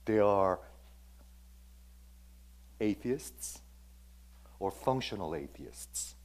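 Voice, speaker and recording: Emphatic low-voiced male pastor preaching. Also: lively intonation, very slow, a little mellow. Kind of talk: sermon.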